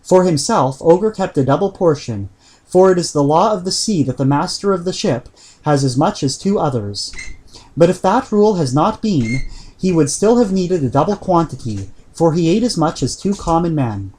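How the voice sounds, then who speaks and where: A man reading an old book aloud in a measured way, with occasional slips and throat-clearing. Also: on the high side, animated, a little mellow. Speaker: reader.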